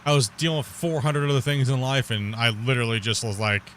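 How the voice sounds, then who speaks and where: A man's voice: mid-range voice, fast talker, a bit bright, a little hiss or hum. A man chatting casually while streaming live gameplay, rambling, laughing often and swearing casually.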